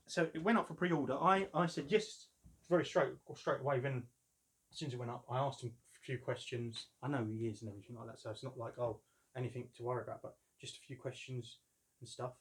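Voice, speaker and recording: A man of about fifty, chatting casually and telling jokey stories as he unboxes a collectible. His voice sits at a plain mid pitch, and he rambles with easy humour. The sound comes from a camera mic indoors at home. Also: brisk, fairly bright tone. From London, England. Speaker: collector reviewing a figure.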